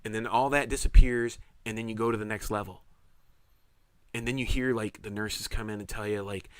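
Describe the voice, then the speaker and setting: A man's voice: fairly low pitch, steady tone, a little fast, clear, resonant tone, no room sound. A middle-aged man telling his own story of surviving a serious illness, rambling and earnest, often repeating himself. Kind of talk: casual personal testimony.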